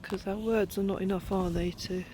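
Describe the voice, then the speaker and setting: A woman narrating a walking travel vlog through cemetery grounds outdoors, speaking softly and reflectively and often dropping to a hush. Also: medium pitch, steady tone, normal speed. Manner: reflective, soft-spoken, often drops to a hush. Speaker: travel vlogger. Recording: clear outdoor background noise.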